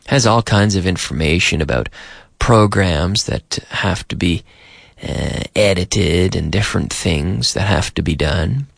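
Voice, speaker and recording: On a radio language lesson recorded with a studio microphone, a man teaches English in a low-pitched, unhurried voice with vocal fry and no room sound. He often repeats and rephrases things for learners.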